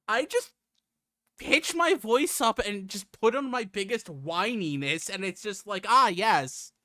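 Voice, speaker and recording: Woman streamer: giggly, self-deprecating, swooping low voice, dry desk sound. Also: animated, measured pace, a bit bright, no room sound. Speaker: streamer reading a visual novel aloud. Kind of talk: casual gaming stream chat.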